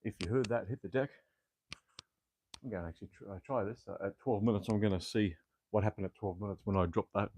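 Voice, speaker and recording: With a fairly low, darkish voice and a fast delivery, an Australian man livestreams his home workout indoors, rambling casually with lots of fillers and mild swearing. Slight background noise is audible, and the clip-on mic he wears occasionally drops off.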